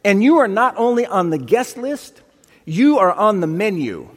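A man's voice: a little high, animated, moderate pace. A man acting out an overeager male neighbor who pleads at the door and stammers through apologies. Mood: eager. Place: church sanctuary. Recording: reverberant hall.

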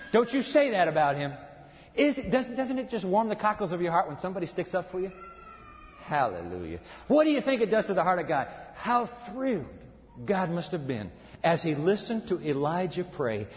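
A man preaching a sermon, emphatic, swinging between loud passages and hushed ones. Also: high-pitched. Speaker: pastor. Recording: reverberant hall, dull sound.

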